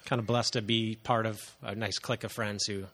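A man in his thirties giving an earnest, halting personal testimony to a congregation, with frequent pauses and fillers. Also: on the low side, flat delivery, a bit bright. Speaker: church member giving testimony.

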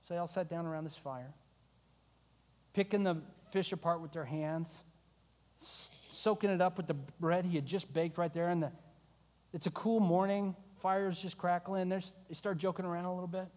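A high-voiced man preaching to a congregation, his words ringing with the long reverb of a large hall. He tells the story in an animated way, slipping into the voices of the people in it. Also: normal speed. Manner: animated, acting out the disciples' voices. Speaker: pastor. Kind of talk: sermon.

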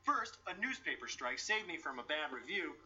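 A man's voice: fairly high pitch, very animated, moderate pace, pushed and bright, exaggerated voice. An actor playing an upbeat, jokey adult male comedian in sitcom dialogue, heard from a muffled TV clip. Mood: excited. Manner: exuberant, jokey.

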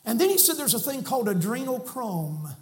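A man with a Southern American accent preaching an impassioned sermon in a church, swinging between shouting and soft drops. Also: very high-pitched, sing-song, fairly quick. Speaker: guest preacher. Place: church sanctuary.

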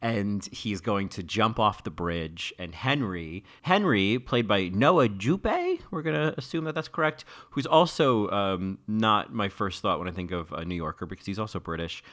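A man chatting casually as he reviews a TV miniseries, wry and loose, with lots of fillers and sudden jumps in pitch. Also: a little slow, few pauses, a bit bright.

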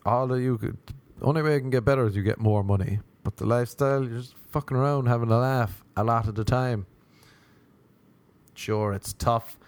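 A young Irish man tells comic stories with lively energy, swearing and acting out bits of voices as he goes. His voice sits at a middling pitch, and the sound is close and dry, with no room around it. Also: normal speed, no echo. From Ireland. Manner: animated, swears freely, acts out voices. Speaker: comedian. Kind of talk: comic storytelling.

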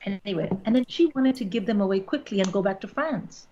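A woman's voice: medium pitch, expressive, a little fast, warm tone, a little hiss or hum. A middle-aged woman comedian telling a frank, wry story in casual conversation. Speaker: stand-up comedian, guest. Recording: dull lo-fi recording.

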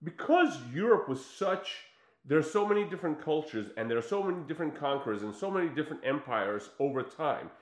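A man's voice: fairly high pitch, very animated, a little fast. A man chatting casually as a podcast host, enthusiastic and often hesitating to search for names. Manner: enthusiastic, hesitant, gropes for names with many fillers. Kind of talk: casual chat. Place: room, in studio with guest. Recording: echoey room.

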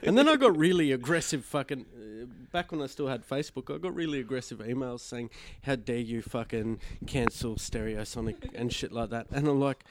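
A man's voice: mid-range voice, expressive, fast talker, hardly any pauses, slight background noise. A man hosting a casual radio show, crude and teasing, swearing often.

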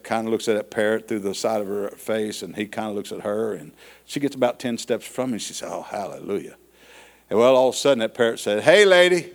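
A man preaching an evening church service, telling a folksy joke story with chuckles before reading scripture. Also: mid-range voice. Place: church sanctuary. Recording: long hall reverb.

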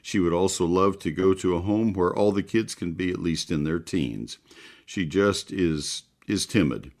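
A man's voice: deep voice, unhurried, darkish tone. A man hosting a call-in gardening radio show, talking in a folksy, chatty way with many filler words. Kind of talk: live call-in radio talk with read ads.

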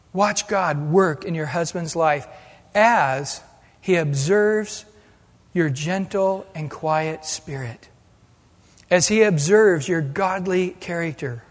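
A man preaching a sermon as pastor, animated and acting out the voices he quotes. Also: a little high. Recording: long hall reverb.

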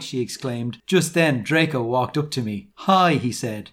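A man's voice: medium pitch, a little slow, hardly any pauses, fairly bright tone. British man reading aloud mock-dramatically. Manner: mock-dramatic, stressing the absurd lines. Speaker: podcast co-host. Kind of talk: reading fan fiction aloud.

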